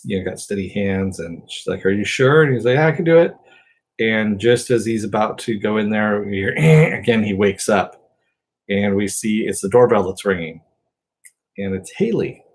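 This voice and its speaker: A man's voice: fairly low pitch, husky, low-quality recording. A man casually recapping a TV episode as a reviewer, rambling along with lots of fillers.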